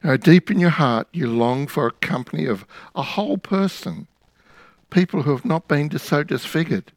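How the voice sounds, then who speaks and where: A man preaching a sermon, retelling a scripture story in the second person with vivid, dramatic pauses. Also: a little high, expressive, no echo.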